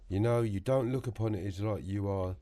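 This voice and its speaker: A man with a London accent, a podcast guest telling animated prison stories, acting out other people's voices and swearing freely. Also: lowish voice, brisk. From England. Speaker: interview guest. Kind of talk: storytelling interview. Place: podcast studio.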